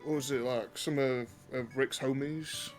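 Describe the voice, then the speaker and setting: A man's voice: mid-range voice, steady tone, a little slow, faint music behind. A British man co-hosting a podcast, talking in blunt, sweary banter. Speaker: podcast co-host. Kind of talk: casual chat.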